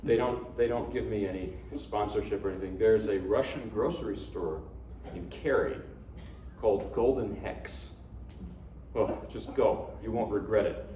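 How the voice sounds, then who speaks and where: A pianist chats between pieces at his recital, his voice slightly low and his remarks wandering and self-mocking. He is picked up from a distance in a roomy hall, with a faint hiss underneath. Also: normal speed, mellow. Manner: rambling, chatty and self-deprecating. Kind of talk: casual spoken introduction between pieces. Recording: echoey hall, distant mic, faint noise.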